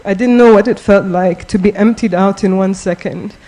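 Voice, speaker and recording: A mourner giving a funeral eulogy in a slow, measured, grieving way. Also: medium pitch, fairly even intonation, warm tone, rough recording.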